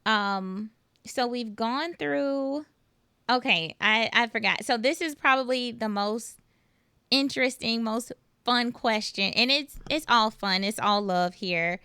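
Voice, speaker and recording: A woman hosting a podcast, talking in a relaxed, reflective way and pausing as she asks questions. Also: fairly high pitch, clean tone, no echo, clean studio sound. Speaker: podcast host. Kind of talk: casual conversational interview.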